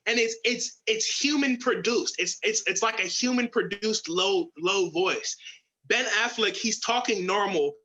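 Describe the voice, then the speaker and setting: A man co-hosting a podcast, talking in an animated, opinionated way and stumbling over his words as he argues. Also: high-pitched, unhurried, rough recording. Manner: animated, opinionated, mocks voices with gravelly whispers. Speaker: podcast co-host. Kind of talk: casual chat.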